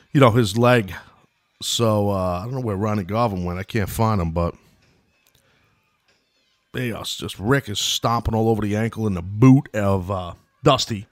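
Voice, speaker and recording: With a lowish voice and no echo, a middle-aged man from New York hosts a podcast. He rambles through casual play-by-play of an old wrestling match, chatting loosely and drifting into asides.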